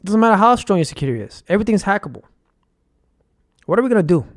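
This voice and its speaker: A man's voice: sits high, very animated, very fast, no room sound, clean studio sound. A young man from New York ranting in a rambling, profane, heated monologue to his viewers. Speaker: vlogger. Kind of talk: casual conspiracy rant.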